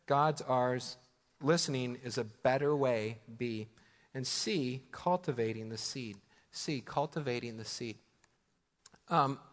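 A man in his thirties with a Midwestern American accent, preaching a sermon in a casual, conversational way, with laughing asides and acted-out prayers. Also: mid-range voice. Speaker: pastor. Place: church sanctuary. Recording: church hall with long reverb.

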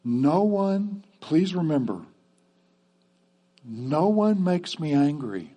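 A man's voice: a little high, big pitch swings, slow, mellow. A man preaching a sermon to his church in a conversational way, often checking in with the congregation with "okay?". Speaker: pastor.

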